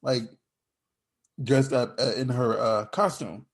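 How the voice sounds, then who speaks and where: A man hosts a podcast in a loose, casual chat. He rambles, circles back and restarts his sentences, and laughs along the way. His voice sits at an ordinary middle pitch. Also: fairly even intonation, slow. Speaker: podcast host.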